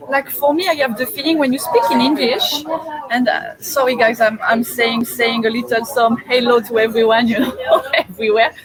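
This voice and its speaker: A woman's voice: on the high side, steady tone, moderate pace, a crowd in the background, low-quality recording. A French woman hosting a casual webinar chat in English with a French accent, chatty and hunting for words as she asks her guest questions. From France. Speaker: host. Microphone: video call.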